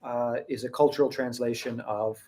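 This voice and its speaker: A Western tea seller hosts his own channel, chatting casually to camera in a rambling way with many restarted sentences and chuckles. His voice is mid-range and warm, with fairly even intonation and normal speed.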